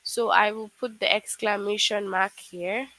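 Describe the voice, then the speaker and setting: A woman's voice: mid-range voice, fairly even intonation, a little slow, bright, forceful tone, dry recording, rough recording. A woman teaching a live online English lesson to children, explaining patiently step by step with frequent "okay"s.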